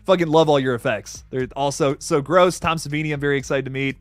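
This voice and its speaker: A young man hosting a casual livestream, reading viewer comments with excitable energy, laughing often and restarting his sentences. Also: a little high, fast, few pauses, dry recording. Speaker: livestream host reading chat.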